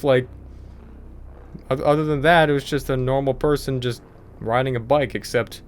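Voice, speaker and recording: A man's voice: medium pitch, clean tone. A young man hosting a gaming channel, telling a story casually over gameplay, in a rambling way with lots of filler words.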